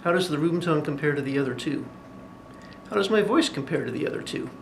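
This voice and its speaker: A man's voice: on the high side, expressive, quick pace, gravelly. A man who teaches video production, giving a plain, methodical demonstration in a classroom and asking the viewer questions. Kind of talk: instructional demonstration. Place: indoor classroom with air conditioning. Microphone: lavalier, shotgun and camera mics at varying distance. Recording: faint room noise, mic changing distance. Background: air conditioning hum and light cooling fan.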